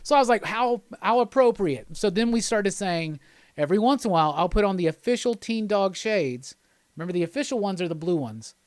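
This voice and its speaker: A man's voice: high-pitched, animated, fast, dry recording, studio quality. A man hosting a live stream, chatting casually in a loose, rambling, jokey way and reading out viewer comments.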